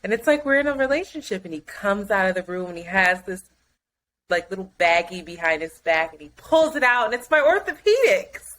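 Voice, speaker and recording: A woman co-hosting a podcast, telling a story in casual chat, animated and laughing often. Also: medium pitch, brisk, low-quality recording. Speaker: podcast co-host.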